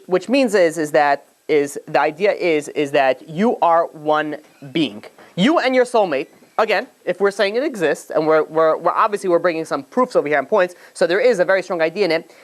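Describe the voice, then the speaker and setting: A man, a rabbi, giving a conversational lecture to a live group, animated and jokey, with many fillers and restarts. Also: on the high side. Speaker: rabbi teaching a class.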